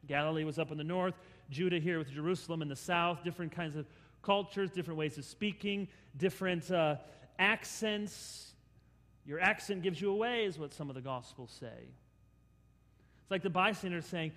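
A male pastor preaching a sermon, dramatically acting out scenes and swinging between loud and hushed. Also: fairly high pitch, moderate pace, big-room sound.

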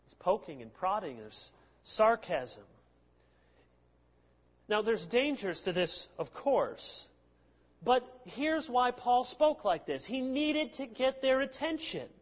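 A male pastor preaching a sermon, explaining passages with lively sarcastic asides. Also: very high-pitched, takes it slowly. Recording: long hall reverb, dull lo-fi sound.

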